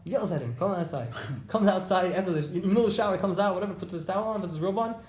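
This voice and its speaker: A man teaching an informal religious class to students, telling stories in an animated way and repeating phrases for emphasis. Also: sits high, rapid-fire. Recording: echoey room, faint background noise.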